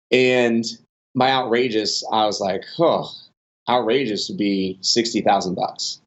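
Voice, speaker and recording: A man telling his business stories on a podcast, loose and rambling, often backing up and restarting his sentences. His voice sits in a middling range. The recording sounds a bit dull and lo-fi. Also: medium pitch. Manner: rambling, many restarts and fillers, animated in stories. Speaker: podcast guest, online business owner. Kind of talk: casual conversational storytelling.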